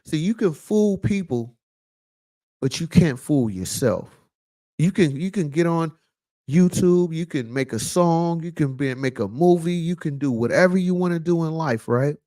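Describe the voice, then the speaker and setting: Guy preaching on his own channel, kinda high voice, repeats himself a lot, loose and casual. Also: lively intonation, a little slow, mellow. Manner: preachy, repeats lines for emphasis; loose casual speech with many fillers. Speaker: vlog host. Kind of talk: casual commentary monologue.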